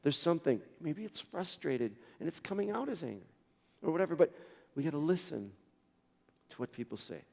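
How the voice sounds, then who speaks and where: A man's voice: fairly high pitch, sing-song, brisk, creaky, a little mellow. Earnest male pastor in a reverberant hall. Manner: storytelling, earnest, with many restarts. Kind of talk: sermon.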